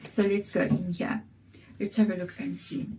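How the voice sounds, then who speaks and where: A woman giving a casual tarot reading to camera, croaky from a chesty cold, reassuring and direct. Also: medium pitch, moderate pace, warm tone, slight background noise. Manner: reassuring and direct, checking in with "okay?". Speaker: tarot reader.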